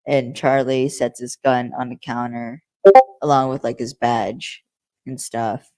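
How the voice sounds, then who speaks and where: A woman's voice: a bass voice, little pitch movement, measured pace, darkish tone, no echo, soft background music, low-quality recording. A young woman co-hosting a podcast, retelling a TV episode's plot in a rambling, chatty way with frequent fillers. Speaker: podcast co-host. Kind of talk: casual episode recap chat.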